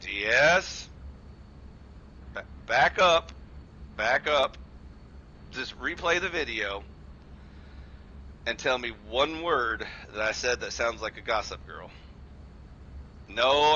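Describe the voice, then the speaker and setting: Sharp-voiced, profane, sarcastic male streamer. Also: lowish voice, dull audio, a little hiss or hum. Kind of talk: casual live-stream chat over gameplay.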